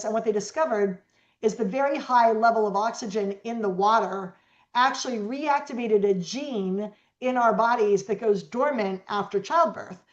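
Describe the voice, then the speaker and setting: Middle-aged woman, lively storyteller, slightly high voice, echoey dull lo-fi sound. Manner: animated storyteller acting out quoted voices. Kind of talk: storytelling interview talk.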